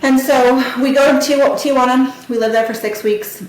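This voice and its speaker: A woman's voice: high-pitched, steady tone, moderate pace. A woman hosting a podcast, telling a personal story in an emotional, conversational way full of "you know" and "like". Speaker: podcast host. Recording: very echoey room.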